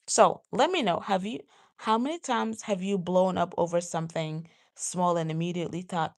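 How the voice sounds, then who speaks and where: A woman vlogger talking casually to her viewers, getting animated and jumping high when she acts out her own outbursts. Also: normal speed. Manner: says "y'all" and "you guys". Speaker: vlogger host. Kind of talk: casual talk to camera.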